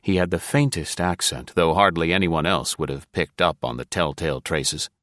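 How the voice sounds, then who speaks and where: A male narrator with a very deep, low voice reads a thriller in a steady, measured way. The sound is close and completely dry, like a studio booth. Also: no echo. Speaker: audiobook narrator. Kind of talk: scripted narration.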